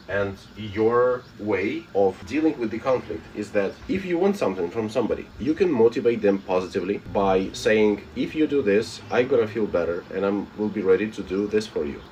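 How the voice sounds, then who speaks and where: A man's voice: fairly low pitch, expressive, brisk, hardly any pauses, a little mellow, highs cut off, a little hiss or hum. A man live-streaming who reads viewer comments aloud and answers them bluntly in a casual, unbothered way. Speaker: live streamer reading chat.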